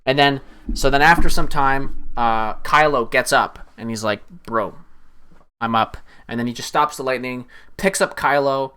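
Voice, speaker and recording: A young man casually recapping a film on a stream, rambling and profane, excitedly acting out lines from the scenes. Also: mid-range voice, moderate pace, smooth.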